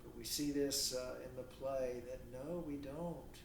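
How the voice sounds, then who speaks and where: A man's voice: medium pitch, fairly even intonation, a little slow, creaky, slight background noise. A man giving a lecture who asks rhetorical questions and acts out imagined dialogue. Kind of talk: recorded university lecture. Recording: echoey room, mic at a distance.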